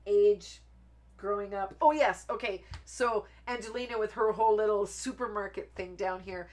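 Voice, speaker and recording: A woman's voice: medium pitch, fairly even intonation, moderate pace. A woman hosting a card making live stream, chatting in a rambling, friendly way and laughing often while she works. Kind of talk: casual live stream chat while crafting.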